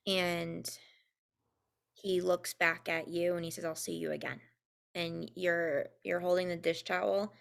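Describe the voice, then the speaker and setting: A young woman giving a casual spoken intuitive reading, halting and full of ums, sometimes spelling words out. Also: lowish voice, little pitch movement, gravelly. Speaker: intuitive reader and co-host.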